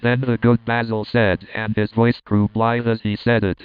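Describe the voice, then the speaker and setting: A man narrating a narrative poem as an audiobook, in a measured, steady reading. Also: lowish voice, smooth, no room sound. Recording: tinny, phone-like narrow sound.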